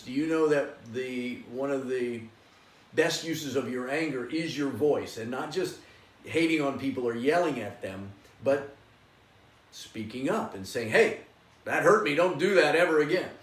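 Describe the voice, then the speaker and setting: A man teaching a yoga and meditation class, coaxing listeners to join him in loud, forceful chanting. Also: mid-range voice. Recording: echoey room, voice from a distance.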